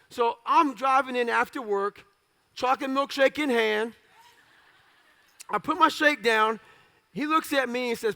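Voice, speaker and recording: A man telling his life story as a motivational speaker, blunt and profane in punchy short phrases, now and then bursting out loudly. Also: very high-pitched, normal speed. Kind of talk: storytelling talk.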